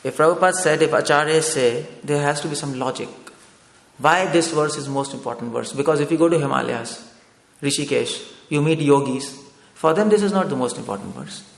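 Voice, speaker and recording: A man with a slightly high voice and vocal fry speaks briskly, preaching a discourse in a temple hall. He leads his listeners through questions step by step, often seeking agreement with "no?". The hall is echoey, with long reverb.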